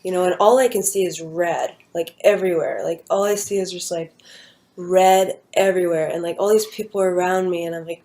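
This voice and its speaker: A woman's voice: fairly low pitch, darkish tone. A young woman talking at home, telling a personal story in a rambling casual way with many fillers and restarts. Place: at home with her dog nearby.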